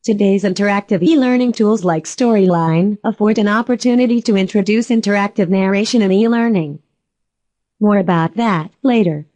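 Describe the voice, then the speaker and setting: A synthetic female voice giving a calm, explanatory scripted lesson narration. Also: medium pitch, moderate pace, dry recording.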